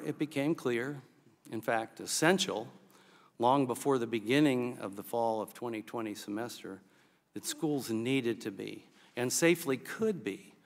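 A man chairing a congressional subcommittee, reading a measured, formal opening statement. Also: medium pitch. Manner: measured, procedural. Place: congressional hearing room. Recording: reverberant hearing room.

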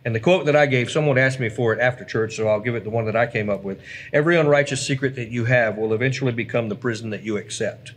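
A man's voice: medium pitch, fast. A man, a pastor, chatting earnestly on a church livestream and reading viewer comments aloud. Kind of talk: casual church livestream chat.

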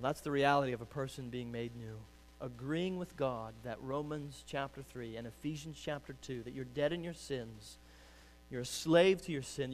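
A man preaching a sermon as pastor, urging loudly and then dropping to quiet pleading. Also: on the high side, slight background noise. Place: church sanctuary.

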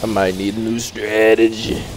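A man hosting a gaming channel, giving live gameplay commentary full of animated trash talk and loud outbursts. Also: on the low side, normal speed, noisy background.

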